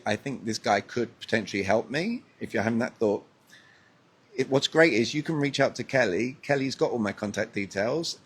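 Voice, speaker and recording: A man's voice: medium pitch, a bit bright, breathy edge. A man with a British accent, a guest coach in an interview, speaking emphatically and posing rhetorical questions. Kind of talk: conversational interview on a live stream.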